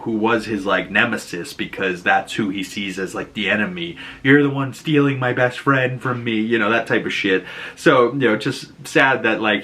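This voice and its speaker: Bright-voiced chatty man with a Boston accent. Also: fairly low pitch. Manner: chatty, filler-heavy retelling with animated quoted lines. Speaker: show reviewer. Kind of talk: casual episode breakdown.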